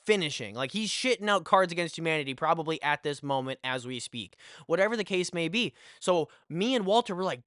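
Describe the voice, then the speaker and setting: A young man hosting a podcast, telling a storytime monologue in an animated, profane way with lots of fillers. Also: a little high, fairly quick, hardly any pauses, no room sound, studio quality. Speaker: podcast host.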